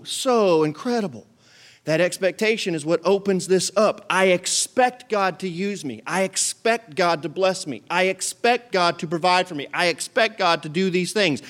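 A man's voice: high voice, fairly bright tone. A man preaching a sermon as pastor in a church, building to emphatic peaks and dropping into joking asides.

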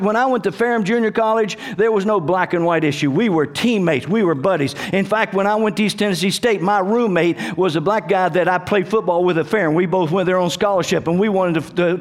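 Fervent high-voiced preacher man. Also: a little fast, few pauses. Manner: fervent preaching with rising, emphatic calls. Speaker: pastor. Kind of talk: sermon.

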